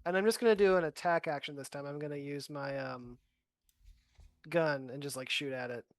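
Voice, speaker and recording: Smooth-voiced easygoing tabletop player. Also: mid-range voice, brisk, no echo, studio quality. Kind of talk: casual tabletop game play.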